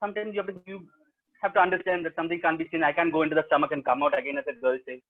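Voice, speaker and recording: Fairly high-pitched and very fast, yet steady in tone, this Indian English-accented professional storyteller animatedly tells students a story live over a webinar, quizzing them along the way. He's at home, and the audio from the video call is tinny.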